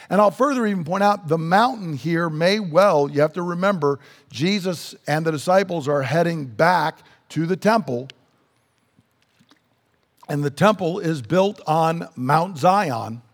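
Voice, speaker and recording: High-voiced preacher in a reverberant hall. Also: male voice. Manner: earnest, emphatic, slows down to stress key words. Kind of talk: sermon.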